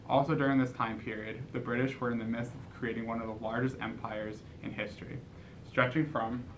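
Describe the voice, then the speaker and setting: A man's voice: mid-range voice, slight background noise, rough recording. A man narrating a school project in a plain, earnest read-aloud manner, with small restarts. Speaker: student presenter.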